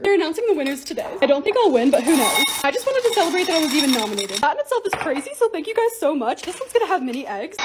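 A young woman narrates her lifestyle vlog over the clips, her voice high and swooping up and down as she talks. She rattles along quickly and gushes over each thing she shows. It sounds like it was recorded on a phone. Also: background noise. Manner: bubbly, gushing product talk. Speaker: lifestyle influencer.

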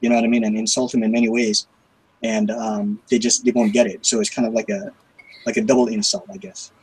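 Husky-voiced man chatting hesitantly. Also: fairly low pitch, flat delivery, brisk, darkish tone, poor audio. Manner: hesitant, many fillers and repeated words. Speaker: host. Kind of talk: casual chat.

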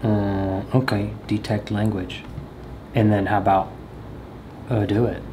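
A man's voice: on the low side, little pitch movement, measured pace, noisy background. A man vlogging alone in a room at home, rambling and joking at his own expense as he talks straight to the camera. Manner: rambling, jokey, self-mocking. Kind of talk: casual monologue to camera. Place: room in a house.

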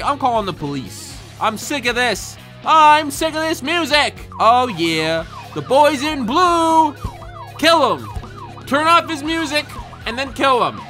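Animated gaming YouTuber man. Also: very high-pitched. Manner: animated, jokey, reads game text aloud. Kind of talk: casual gameplay commentary.

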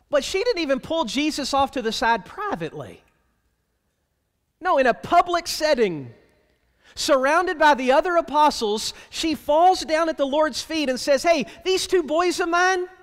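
High-voiced pastor preaching in a reverberant hall. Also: male voice, big pitch swings, moderate pace. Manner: conversational, with rhetorical questions to the congregation; plainspoken and wry. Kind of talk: sermon. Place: church sanctuary.

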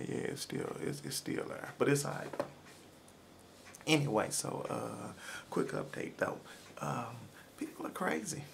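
A man recording a casual morning vlog into his camera, hoarse and chatty, talking straight to his viewers. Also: mid-range voice, a bit bright, slight background noise. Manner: chatty, loose, addresses viewers directly. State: hoarse, frog in throat. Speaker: vlogger. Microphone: camera mic, close to camera.

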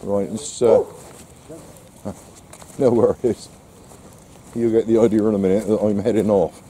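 A man's voice: lowish voice, steady tone, a little slow, dark tone, a little hiss or hum. A man filming a countryside walk, chatting casually to his dog and the camera. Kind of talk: casual vlog narration. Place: outdoors in the countryside.

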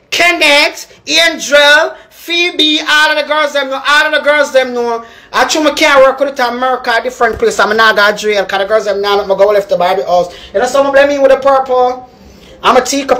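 Speaking in a high, sharp voice, this young Jamaican-accented social media personality repeatedly calls someone out during a live video. Her rant is heated, built from the same jabs again and again.

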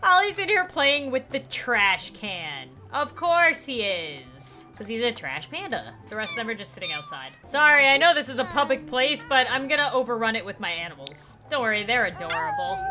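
A young woman giving casual gameplay commentary, excitable, with quick exclamations and laughter. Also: sits high, music in the background. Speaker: gaming YouTuber.

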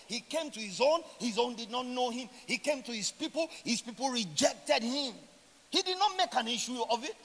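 A man preaching a sermon as a pastor, swinging from loud emphatic lines to quiet, drawn-out endings and slowly stressing scripture quotes. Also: high voice, a little hiss or hum. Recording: long hall reverb.

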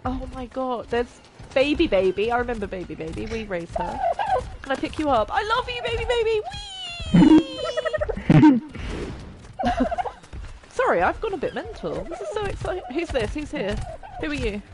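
Excitable high-pitched woman gamer. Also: brisk, background noise. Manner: excitable, gushing over pets, gasps and squeals. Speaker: gaming channel host. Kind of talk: casual gameplay chat.

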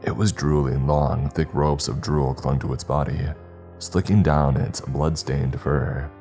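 Telling a scripted horror story, this man speaks in an extremely deep, dark, mellow voice with fairly even intonation. The narration is measured and dramatic, set over faint background music.

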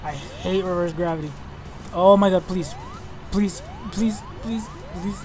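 Excitable young man gaming commentary. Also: sits high, measured pace. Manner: excitable, reactive, swears and exclaims often. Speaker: let's play gamer. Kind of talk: let's play commentary. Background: game music.

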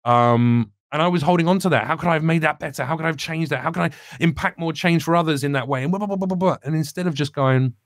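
A man's voice: fairly high pitch, quick pace, few pauses, no room sound, clean studio sound. A young man, a comedian guest talking earnestly and reflectively in a candid podcast conversation. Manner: earnest, reflective, rambling with restarts.

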